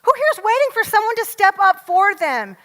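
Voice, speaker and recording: A middle-aged woman giving a motivational stage talk, lively and joking, often asking the audience questions. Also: very high-pitched, normal speed. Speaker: motivational speaker. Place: large event hall. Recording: long hall reverb.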